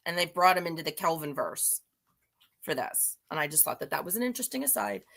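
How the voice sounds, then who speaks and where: A woman's voice: low-pitched, big pitch swings, brisk, gravelly, fairly bright tone. A woman giving a casual, rambling comic-book recap, chatty and self-deprecating with frequent restarts. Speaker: guest reviewer.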